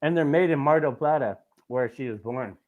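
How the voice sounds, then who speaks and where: A man's voice: medium pitch, normal speed, narrow, tinny audio. A man hosting a casual podcast, telling a rambling, profane story with lots of asides. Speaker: podcast host.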